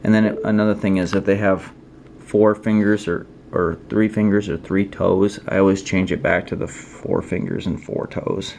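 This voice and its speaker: Low, gravelly-voiced card artist. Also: male voice, steady tone, moderate pace, few pauses, darkish tone, slight background noise. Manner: rambling, self-critical, thinking aloud. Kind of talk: casual show-and-tell.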